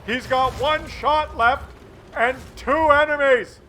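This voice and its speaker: High, bright excitable male game commentator. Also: a little slow, a little hiss or hum. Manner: animated, shouts and laughs at big shots. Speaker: gameplay commentator.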